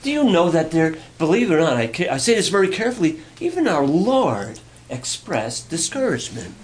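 A man's voice: a little high, sing-song, brisk. A male pastor giving a conversational, playful sermon, asking the congregation questions.

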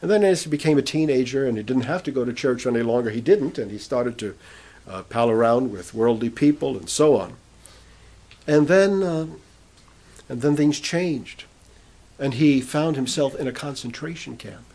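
A man with a mellow, mid-range voice preaches at a moderate pace. In sermon-style storytelling, he retells a prisoner's conversion, quoting the people in it one by one.

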